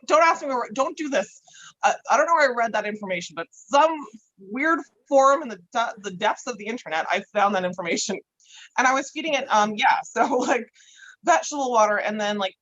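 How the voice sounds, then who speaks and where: A woman's voice: a little high, animated, fairly quick, a bit bright. Casual woman podcast guest, chatty, laughs often, swears freely, dull lo-fi audio. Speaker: guest grower.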